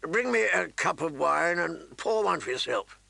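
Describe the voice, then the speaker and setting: A man voicing a gruff old male military commander, growling and commanding, with a gravelly voice. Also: a little high, expressive, a little slow, pushed and bright, no echo, voice pushed up, exaggerated voice.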